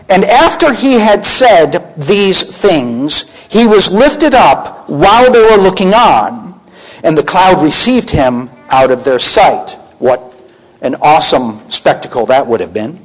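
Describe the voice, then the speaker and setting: A man's voice: sits high, expressive, a little slow, low-quality recording. A man teaching from the Bible as a preacher, emphatic and full of rhetorical questions to his listeners.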